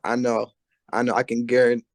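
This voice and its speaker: A man's voice: medium pitch, monotone, a little fast, no echo. A young American man as a podcast guest, laid-back and slangy, often repeating his phrases. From United States. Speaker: guest musician. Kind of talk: casual interview chat.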